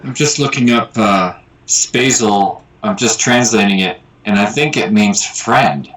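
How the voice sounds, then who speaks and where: A man's voice: on the low side, measured pace, distant mic, poor audio. A man joining a casual livestream as a guest, playful and chatty. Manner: playful, lively.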